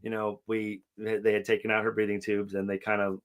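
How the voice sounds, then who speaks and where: A middle-aged man on a podcast, talking casually and emotionally, swearing often and acting out quotes loudly. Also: on the low side, monotone, a little fast. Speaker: podcast co-host.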